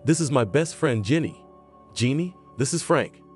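A man putting on a higher, mocking flirt, Selena. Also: animated, normal speed, a little mellow, faint music behind. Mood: coaxing. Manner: mocking, pushy.

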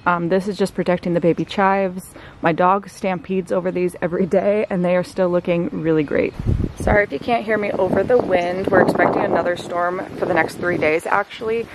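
A woman with a fairly low voice talks casually through a tour of her backyard garden. She chats in a loose, relaxed way to a handheld camera outdoors, with faint background noise behind her. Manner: chatty, relaxed, filler-heavy. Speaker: gardening vlogger. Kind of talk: casual walk-through vlog.

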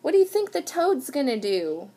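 Reading a picture book to little kids, a preschool teacher speaks animatedly and asks them questions along the way. Her voice sits high and her pace is normal.

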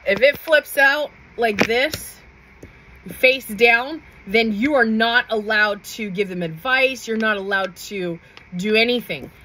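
A woman's voice: on the high side, takes it slowly, bright, forceful tone, poor audio. A woman giving a casual tarot reading to camera, chatty and emphatic, often checking in with "okay?" and laughing. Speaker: tarot reader.

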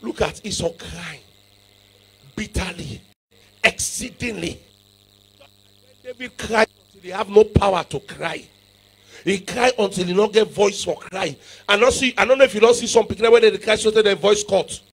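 A man preaching a revival sermon, shouting in bursts and calling on the congregation to answer him. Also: high voice, normal speed, pauses often, slightly rough. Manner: shouting, call-and-response preaching with sudden loud bursts.

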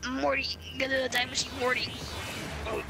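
A woman's voice: high voice, little pitch movement, noisy background. Rick, a woman doing a stammering old scientist. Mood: grumpy. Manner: stammering, drawn-out.

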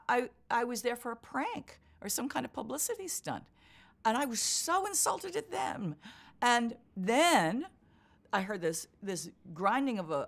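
An older woman being interviewed, telling a story with lively acted-out quotes. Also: lowish voice. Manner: vivid storyteller acting out quotes. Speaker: interviewee, marathon runner.

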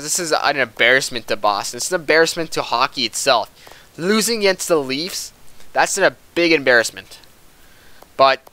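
Young man, gaming commentary, bright tense voice, ranting and swearing. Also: mid-range voice. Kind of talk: casual gameplay commentary.

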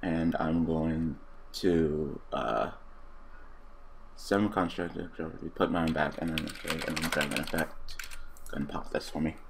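A man giving casual let's-play commentary, cursing freely and breaking into loud, excited outbursts and laughter. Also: rumbling low, measured pace, creaky, noisy background. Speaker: gaming commentator.

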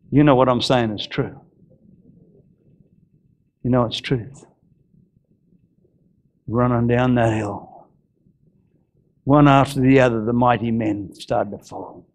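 A male pastor preaching a fervent sermon, shouting and then dropping to low, intense exhortation. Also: gravelly.

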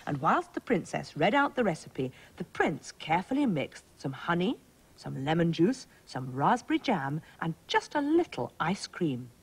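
Female schools TV presenter, lower voice, lively storybook telling for small children. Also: moderate pace, poor audio. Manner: gentle, clear, sing-song storytelling. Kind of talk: storybook narration to young children.

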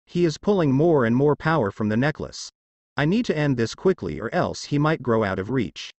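A man voicing a calm, earnest young male ninja hero who protects the innocent, in a story narration. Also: mid-range voice, moderate pace, dry recording, dull audio. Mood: pleading.

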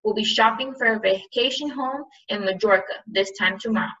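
A blustering, bossy middle-aged uncle who barks every order, as a woman reads him aloud. The voice is bright and sharp. It sits a little far from a dull, muffled mic. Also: mid-range voice, brisk, close to an everyday voice. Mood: gruff.

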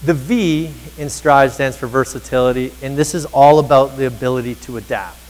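A man's voice: mid-range voice, moderate pace. A man giving a motivational keynote to educators, telling stories and acting out the dialogue with energy. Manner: energetic storyteller, acts out dialogue. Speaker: keynote speaker on teacher happiness. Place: large conference hall. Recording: reverberant hall.

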